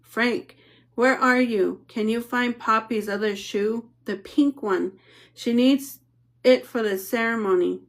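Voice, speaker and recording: A woman's voice: a little high, takes it slowly. A woman reading the part of a blunt, sarcastic middle-aged mother. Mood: bossy. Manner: blunt, exasperated.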